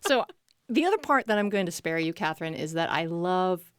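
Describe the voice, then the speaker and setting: A woman's voice: on the low side, big pitch swings, brisk, clean tone, no echo. Woman, podcast host, playful, joke-telling, upbeat, dry close studio sound. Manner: playful, tells jokes, upbeat. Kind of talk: casual interview chat.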